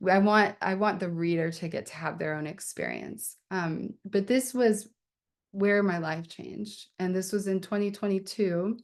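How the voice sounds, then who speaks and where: A woman's voice: mid-range voice, unhurried. A woman poet hosting her book launch on a video call, talking casually and candidly with lots of fillers and laughter. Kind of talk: casual chat.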